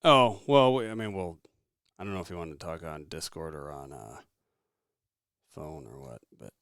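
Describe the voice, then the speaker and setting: A man hosting a casual podcast, rambling and relaxed with lots of fillers. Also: extremely low pitch, normal speed, dry recording, studio quality. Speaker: podcast host.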